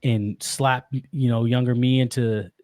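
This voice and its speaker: Earnest dad, dry close sound. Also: male voice, medium pitch, fairly even intonation, darkish tone, no room sound. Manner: earnest, reflective, halting with restarts. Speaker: podcast guest, father. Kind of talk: casual interview.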